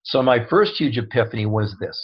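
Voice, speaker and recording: On an online call with dull lo-fi audio, a man speaks as a guest co-author in a mid-range, expressive, fairly quick voice with a breathy edge. His casual talk is earnest and humble, full of restarts.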